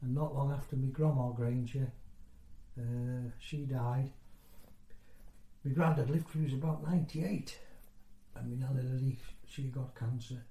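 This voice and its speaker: A man's voice: mid-range voice, fairly even intonation, measured pace, warm tone. A man in his sixties from North East England, telling his memories in a rambling, conversational way during an oral history interview. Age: 60s. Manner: rambling, conversational storytelling with broken-off phrases. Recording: roomy echo.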